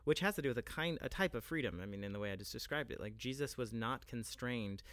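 Fast-talking scholarly man, dry sound. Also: medium pitch, animated, fairly bright tone, dry recording. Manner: quick, scholarly, full of fillers like "I mean" and "like". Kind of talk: casual podcast discussion.

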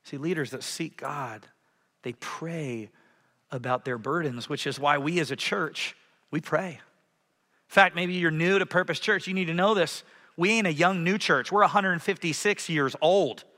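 A man preaching a sermon as a pastor in a church, animated, swinging from loud passages to hushed ones. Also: fairly high pitch, normal speed. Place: church sanctuary. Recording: hall reverb.

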